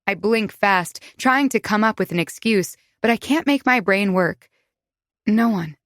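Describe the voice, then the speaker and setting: A woman's voice: mid-range voice, animated, normal speed, fairly bright tone, no echo, clean studio sound. A woman narrating a first-person romance audiobook in an intimate, confiding way.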